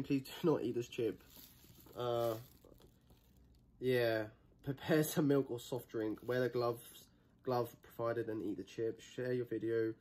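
A man's voice: mid-range voice, steady tone, normal speed, darkish tone. A young man vlogging casually, nervous and rambling, with plenty of swearing, recorded outdoors in the sun. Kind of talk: casual vlog chatter.

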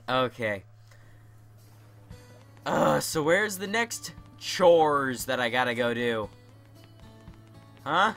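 A man's voice: medium pitch, animated, takes it slowly, pauses often, fairly bright tone, soft background music. A young man giving profane, sarcastic let's-play commentary as a gaming YouTuber.

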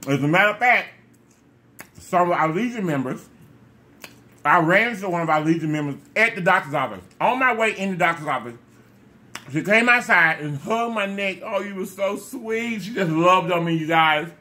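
A man's voice: high voice, lively intonation, normal speed, bright, forceful tone. A man vlogging casually to his viewers while eating, effusive and repetitive, sometimes talking with his mouth full. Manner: effusive, repeats phrases, talks with food in mouth. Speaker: mukbang vlogger.

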